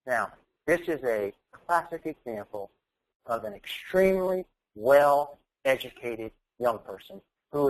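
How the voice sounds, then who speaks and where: A man's voice: medium pitch, poor audio. A man giving a motivational speech, telling a story and acting out its dialogue with emphasis. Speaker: keynote speaker.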